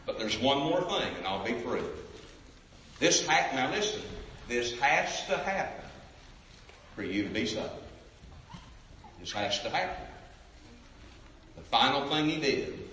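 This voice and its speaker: A man's voice: medium pitch, big pitch swings, measured pace, pauses often, pushed and bright, slight background noise. A man preaching an evangelistic sermon, calling out to the crowd for responses. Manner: emphatic, calls out to the crowd for responses. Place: large church sanctuary. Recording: echoey hall, from a distance.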